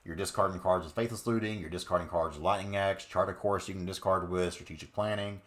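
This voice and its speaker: A man's voice: low voice, steady tone, fast talker. A man giving upbeat, chatty commentary on card game decks, with many fillers. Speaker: card game content creator. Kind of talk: casual deck commentary.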